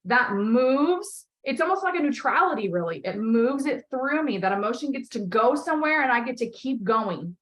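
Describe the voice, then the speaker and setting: A woman's voice: a little high, lively intonation, moderate pace, hardly any pauses, a bit bright, low-quality recording. A woman podcast host coaching a guest in a candid conversation, talking emphatically with frequent swearing and strong emotion.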